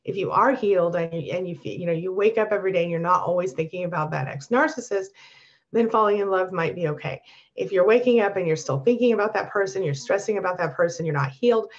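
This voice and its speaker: A woman coaching abuse survivors on a live stream, reading viewer comments and answering them with warm encouragement. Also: fairly low pitch, quick pace, muffled recording.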